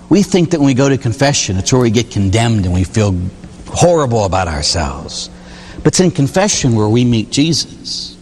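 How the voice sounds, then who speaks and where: A male Catholic priest preaching a sermon. He tells stories emphatically and jumps suddenly in pitch for effect. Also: big-room sound, a little hiss or hum.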